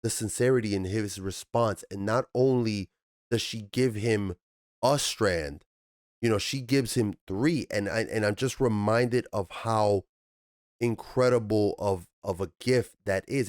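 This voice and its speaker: A man's voice: measured pace, no echo. Man ranting about TV, dry close sound. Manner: animated, profane, swings up into high exasperated bursts. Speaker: TV review channel host. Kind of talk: ranting TV review commentary.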